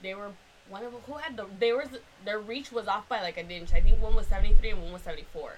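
A woman's voice: mid-range voice, quick pace. Female co-host, casual banter, swears freely, noisy recording. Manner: teasing, laughs along, swears freely. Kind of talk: casual chat. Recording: noisy background.

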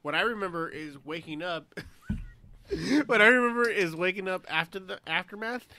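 Man, former Marine, high and bright voice, swears, laughs a lot. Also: moderate pace. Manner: profane, laughing storytelling. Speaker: former Marine in podcast chat. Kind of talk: casual chat.

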